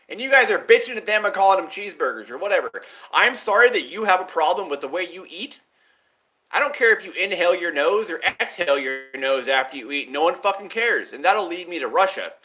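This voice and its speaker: A man talking straight to his viewers in a rambling, profane monologue, jumping between ideas and swinging widely in pitch and loudness. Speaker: vlogger.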